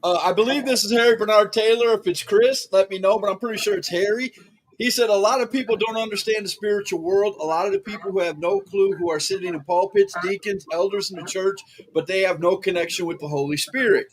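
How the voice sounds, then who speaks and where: A man's voice: high voice, steady tone, fast talker. A man hosting a podcast, chatting casually and reading out viewer comments, often restarting his sentences. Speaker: podcast host.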